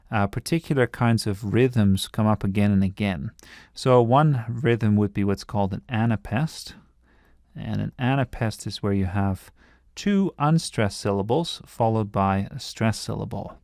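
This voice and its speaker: A man's voice: lowish voice, a little mellow, dry recording, studio quality. A man teaching a writing lesson, explaining patiently and breaking off now and then to restart a thought.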